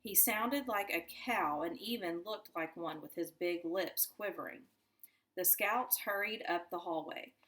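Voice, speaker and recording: A woman teacher reading a children's novel aloud to her class in a deliberate storytelling manner. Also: fairly low pitch, fairly bright tone. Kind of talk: children's book read-aloud.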